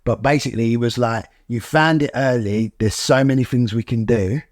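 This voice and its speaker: A man's voice: mid-range voice, normal speed, no room sound. Guy chatting with his wife, earnest, mid voice, dry sound. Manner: earnest, reflective, often restarts. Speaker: host, husband. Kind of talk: casual chat.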